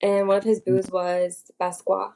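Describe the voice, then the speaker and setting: A woman chatting as a podcast co-host, loose and conversational. She strings her thoughts together with frequent "like" fillers. Her voice sits at an ordinary middle pitch. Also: flat delivery, unhurried, vocal fry, mellow. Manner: chatty, heavy on "like". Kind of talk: casual chat among friends.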